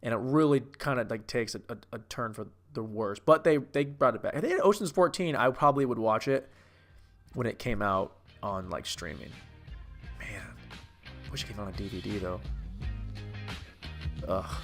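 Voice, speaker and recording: A man's voice: mid-range voice, moderate pace, long pauses, fairly bright tone, soft background music. Brash, profane man ranting about movies. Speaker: comedic movie reviewer. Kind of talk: casual comedic rant.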